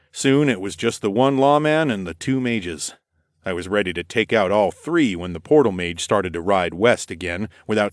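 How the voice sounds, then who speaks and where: A man narrating a first-person adventure audiobook in a steady, measured way. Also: fairly low pitch, dry recording, studio quality.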